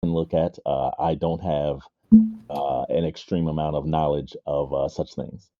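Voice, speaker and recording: A man playing a formal, deep-voiced adventurer. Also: steady tone, warm tone, dry recording, dull audio. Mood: hushed. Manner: formal, halting with fillers. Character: polite foreign adventurer, a healer.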